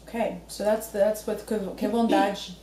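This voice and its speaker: A woman's voice: medium pitch, little pitch movement, moderate pace, warm tone, a little hiss or hum. Woman asking lesson questions, echoey room. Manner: prompting, guiding questions. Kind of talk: lesson interview.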